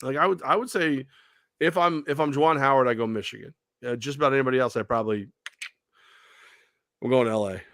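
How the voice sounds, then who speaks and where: Animated storytelling man, dry sound. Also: medium pitch, fast talker, pauses often, dry recording. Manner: animated storyteller who acts out quoted voices. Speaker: sports talk show co-host. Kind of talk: casual sports talk.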